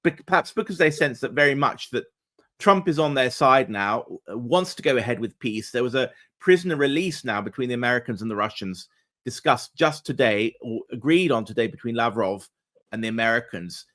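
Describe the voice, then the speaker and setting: A man in casual political discussion, talking in an animated, sarcastic way. His mid-pitched voice climbs sharply when he gets indignant, then drops off into asides. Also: brisk. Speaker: commentator.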